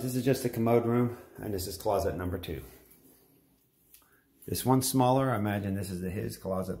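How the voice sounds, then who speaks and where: With a deep, warm voice, this middle-aged man who builds homes leads an enthusiastic, down-home walkthrough. He points things out as he goes in casual narration.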